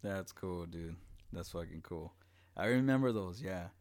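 A man's voice: low voice, lively intonation, a little slow, darkish tone. A young man telling stories in casual chat, profane and laughing often.

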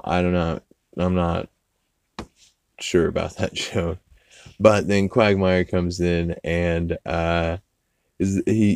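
A man's voice: low-pitched, darkish tone, dry recording. A man hosting a podcast, casually recapping an episode with lots of fillers and swearing. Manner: rambling, swears a lot, many fillers. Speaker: podcast host.

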